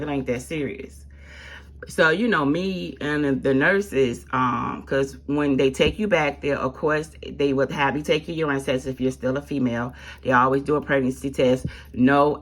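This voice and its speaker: A woman telling her own story in a candid, blunt, casual way, full of slang and exasperated asides. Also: sits low. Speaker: vlogger.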